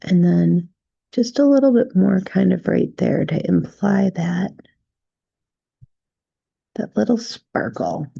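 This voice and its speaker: Slow, gravelly-voiced woman teaching drawing. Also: medium pitch, expressive, no room sound, dull audio. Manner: gentle, unhurried, narrates each stroke with "right?" checks. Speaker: drawing instructor. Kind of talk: relaxed step-by-step drawing tutorial.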